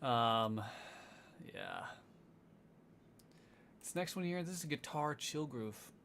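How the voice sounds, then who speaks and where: A man's voice: mid-range voice, huge pitch swings, takes it slowly, creaky, a bit bright, slight background noise. A young man chatting casually on a livestream as a music streamer, sardonic and rambling, swearing freely.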